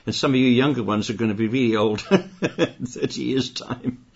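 An older man delivers a sermon at a middle pitch, his voice husky and a little rough. He hammers home each point, repeating phrases and pushing his volume up as he goes. The recording is dull and lo-fi. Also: moderate pace. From Britain. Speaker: preacher.

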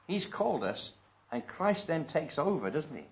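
A man delivers a sermon in a fairly high voice. He reads scripture slowly and with weight and puts rhetorical questions to his listeners. The recording is dull and lo-fi. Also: big pitch swings. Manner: preaches with slow emphatic scripture readings and rhetorical questions. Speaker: pastor.

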